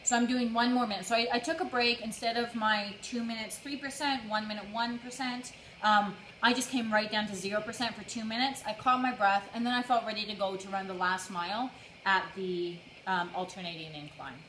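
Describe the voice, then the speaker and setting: A woman's voice: medium pitch, fairly even intonation, a little fast, fairly bright tone. A young woman, out of breath from running, chatting casually on a livestream and greeting viewers by name. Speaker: livestream host training for a charity run. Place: indoors on a treadmill. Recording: echoey room with faint noise.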